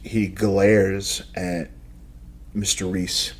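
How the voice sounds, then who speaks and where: Husky-voiced male game master. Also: fairly low pitch, steady tone, unhurried. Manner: descriptive, searching for words. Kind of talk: narrating a tabletop game.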